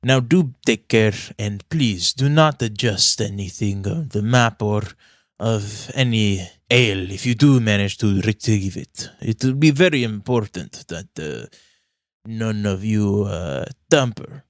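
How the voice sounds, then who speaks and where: A man's voice: on the low side, animated, measured pace, no room sound, clean studio sound. A man voicing a polite, formal older dwarf advisor to a king.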